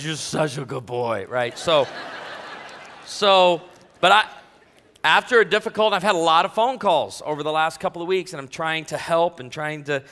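Preaching to his congregation in a church sanctuary, a pastor speaks directly to them in a joking, self-deprecating, conversational way. His slightly high voice has a sharp tone yet sounds clear and resonant, followed by a long reverb tail.

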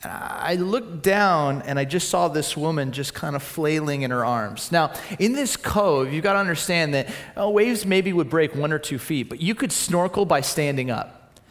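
Animated man preaching a story sermon. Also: a little high, normal speed, in a large hall. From Southern California. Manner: animated, acts out the voices in his story, swings from loud to quiet.

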